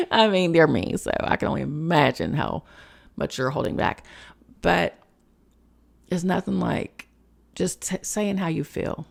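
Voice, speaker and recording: A woman's voice: low voice, expressive, a little fast, creaky, darkish tone. A woman hosting a spiritual podcast, talking in a frank, emotional personal monologue, swearing freely and chatting with lots of fillers.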